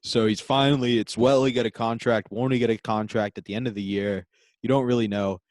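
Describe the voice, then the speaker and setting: A man's voice: medium pitch, steady tone, brisk, a little mellow, no echo. A man who guests on a comedy podcast, laid back, laughing often and eagerly joining in the bit. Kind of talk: casual comedy podcast banter.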